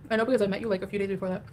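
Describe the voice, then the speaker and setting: Woman streamer, mid-pitch, baby-voiced and rambling, reads chat aloud, faint background noise. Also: steady tone, rapid-fire, darkish tone. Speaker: livestreamer. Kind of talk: casual livestream chat.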